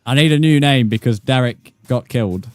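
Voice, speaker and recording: A man with a British accent, giving profane, excitable live commentary while streaming a game. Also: medium pitch, brisk, no room sound. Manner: profane, excitable, mock-outraged. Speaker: gaming streamer.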